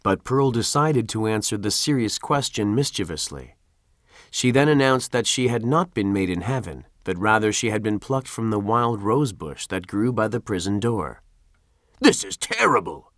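A man narrating a classic novel as an audiobook, in a steady storytelling voice. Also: fairly low pitch, moderate pace, no room sound, clean studio sound.

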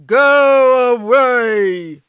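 A woman voicing a big, ugly male ogre in a storybook, slow and threatening. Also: fairly bright tone, smooth, no echo. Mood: menacing. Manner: slow, booming, menacing. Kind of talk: storybook reading.

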